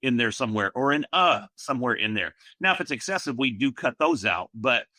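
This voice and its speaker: A man chatting as a guest on a podcast, telling stories in a relaxed, animated way. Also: medium pitch, a little fast, dry recording. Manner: relaxed storyteller, animated asides. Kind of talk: casual conversational interview.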